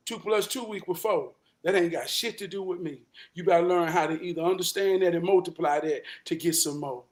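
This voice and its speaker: A man hosting a talk show, telling a real-life story in an emphatic, profane way that climbs into shouting. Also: sits high, lively intonation, fairly quick, hardly any pauses. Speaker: host.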